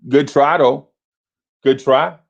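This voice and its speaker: A man hosting a sports talk livestream, ranting in exasperation, repeating himself and climbing into shouts. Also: medium pitch, fairly even intonation, slow, gravelly. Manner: exasperated, repetitive, rising to shouts. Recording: lo-fi stream audio.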